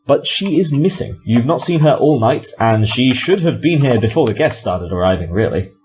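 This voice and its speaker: A man's voice: mid-range voice, expressive, normal speed, darkish tone. A man narrating as game master, rambling with fillers and self-corrections.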